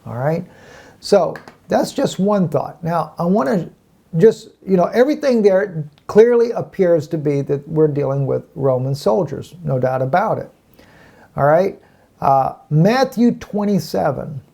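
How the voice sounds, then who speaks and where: A man's voice: fairly high pitch, animated, measured pace, gravelly, dark tone. A man giving a casual online Bible teaching from home, rambling with many fillers and restarts.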